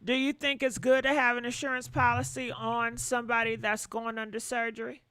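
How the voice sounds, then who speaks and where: Blunt, bright-voiced woman hosting a call-in. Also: a little high, flat delivery, brisk, smooth. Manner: blunt, casual and chatty. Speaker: call-in show host. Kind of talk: live call-in gossip talk.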